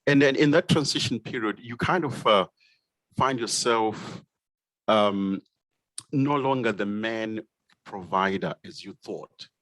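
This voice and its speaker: Middle-aged zimbabwean guy, accent smoothed out, lowish voice, chatty and self-deprecating, dry close mic. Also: unhurried, no room sound. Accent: Zimbabwean, softened by years in the UK. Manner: relaxed, self-deprecating, many fillers and restarts. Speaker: guest, consultant pediatrician. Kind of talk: casual conversational storytelling.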